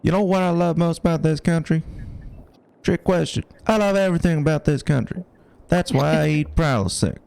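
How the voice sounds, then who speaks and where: A man's voice: fairly high pitch, moderate pace, gravelly, darkish tone, smooth, voice pushed up. A man putting on the voice of a male politician, delivering a cheery patriotic line as a comic impression. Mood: mock patriotic. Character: smooth, upbeat male politician giving a patriotic speech.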